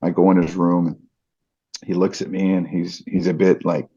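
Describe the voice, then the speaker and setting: Middle-aged guy on a podcast, low husky voice, dark tone, kinda muffled lo-fi audio. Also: little pitch movement, moderate pace. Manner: earnest, reflective, many restarts. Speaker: podcast guest, fight announcer. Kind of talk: casual interview storytelling.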